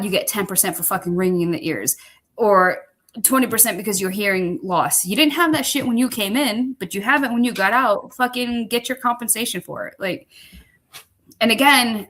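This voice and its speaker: Bright, profane, animated woman. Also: medium pitch, normal speed. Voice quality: bright, expressive, swears freely. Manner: acts out both sides of conversations, laughs often. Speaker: veterans director, guest. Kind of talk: profane animated storytelling and ranting.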